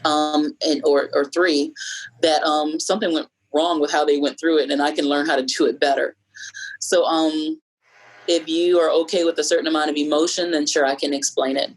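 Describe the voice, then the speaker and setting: A middle-aged woman with a low voice tells a personal story, reflective and measured. She pauses often and uses fillers. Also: steady tone, poor audio. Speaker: podcast guest sharing a personal story.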